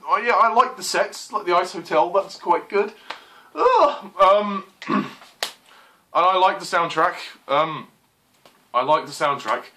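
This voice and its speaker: Young guy ranting hard about a bad movie, bright forceful voice, kinda high, faint hiss behind. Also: a little slow. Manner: frustrated, exclaiming, swears, apologizes. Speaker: movie reviewer. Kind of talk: exasperated movie rant.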